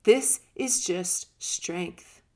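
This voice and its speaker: A woman's voice: fairly low pitch, drawn-out words. A woman giving a conversational teaching talk on personal growth, emphatic and now and then laughing or acting out short quotes. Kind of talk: casual spoken teaching talk.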